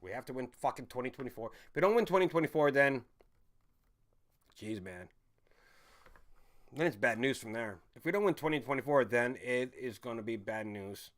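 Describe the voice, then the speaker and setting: A man's voice: medium pitch, expressive, normal speed, long pauses, a bit bright. A man hosting a casual livestream, rambling as he answers viewer chat, swearing freely and laughing often. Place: home in a city.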